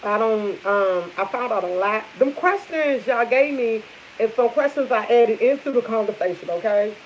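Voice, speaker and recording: A woman's voice: a little high, expressive, moderate pace. Rambling woman chatting over coffee. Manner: chatty and rambling, repeats herself. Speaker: vlogger chatting with live viewers. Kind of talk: casual morning coffee chat. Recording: dull lo-fi sound with faint hiss.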